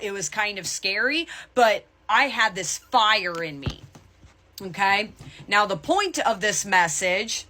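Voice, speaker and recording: In her chatty spiritual vlog, this young tarot reader keeps asking viewers "okay?" as she talks to the camera. She has a mid-range voice with a sharp tone.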